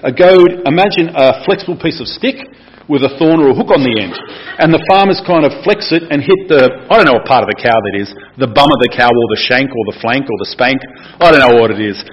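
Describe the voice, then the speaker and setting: A man's voice: mid-range voice, lively intonation, fast, slightly rough, highs cut off. A man giving a casual, chatty sermon and asking the congregation questions. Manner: chatty and playful, asks the room questions. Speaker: preacher.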